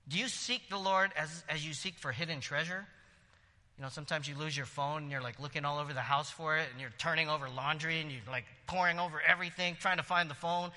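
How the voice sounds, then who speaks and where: A man preaching a sermon in a lively, conversational way, with quick asides and laughter. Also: on the high side, big-room sound. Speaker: pastor.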